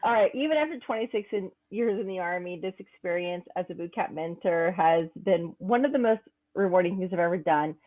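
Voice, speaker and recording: A woman's voice: fairly low pitch, lively intonation, brisk. Woman comic in her 40s teasing the crowd, muffled lo-fi audio. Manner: brash, teasing, talks to the crowd. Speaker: stand-up comic and comedy mentor. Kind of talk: stand-up comedy set. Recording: dull lo-fi sound.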